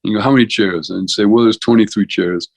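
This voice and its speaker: A man in his sixties, a veterinarian and comedian, rambles through stories as a podcast guest, restarting a lot and saying "you know" constantly. His voice is on the low side, a little fast, with fairly even intonation and vocal fry. The recording is rough and has no echo.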